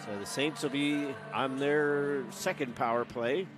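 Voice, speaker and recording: A man calling live hockey play-by-play as the game's announcer, brisk and rising to shouts on big plays. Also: medium pitch, fairly even intonation, music in the background. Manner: brisk, running call of the action that climbs to shouts.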